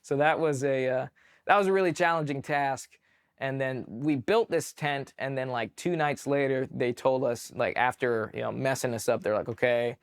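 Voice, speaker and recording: A young man from California tells stories casually as an interview guest. His pitch sits in the middle, and his speech rambles along with many "like"s. Now and then he leaps up to act out a shouted order. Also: normal speed, clear, resonant tone. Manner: animated, acts out shouted quotes, many fillers. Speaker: podcast guest, army veteran.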